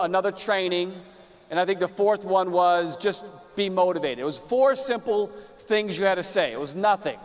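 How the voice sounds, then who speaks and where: A man giving a motivational business talk to a room, telling a personal story and repeating words as he goes. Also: high voice. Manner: storytelling, repeats words, acts out his own past lines. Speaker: business speaker. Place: large room with live audience. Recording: long hall reverb.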